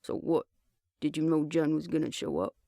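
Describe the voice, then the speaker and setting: A man voicing a cocky, teasing young male survivor who talks bluntly, with a gravelly edge. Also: fairly high pitch, steady tone, moderate pace, mellow, no room sound, studio quality.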